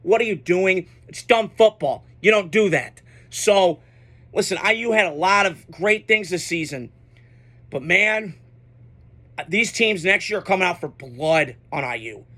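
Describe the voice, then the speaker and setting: Young male sports commentator, high bright voice, blunt and unfiltered. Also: animated, a little slow. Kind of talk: casual sports reaction monologue.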